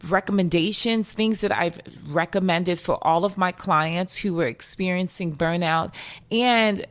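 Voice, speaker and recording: A woman's voice: fairly low pitch, measured pace. Emphatic woman therapist hosting a podcast. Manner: emphatic, repeats key phrases for stress; addresses listeners as "my friends". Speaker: podcast host, mental health therapist. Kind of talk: motivational podcast talk.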